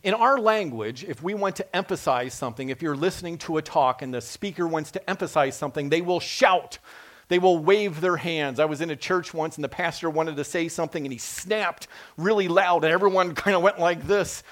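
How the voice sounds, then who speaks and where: A man preaching a sermon, animated and dramatic as he voices scripture quotes. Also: fairly high pitch, fairly quick.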